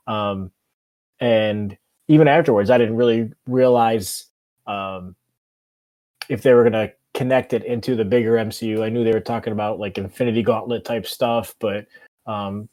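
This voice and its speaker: Mellow-voiced man rambling casually. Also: lowish voice, steady tone, normal speed. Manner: rambling, many ums and likes. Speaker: podcast co-host. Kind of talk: casual chat.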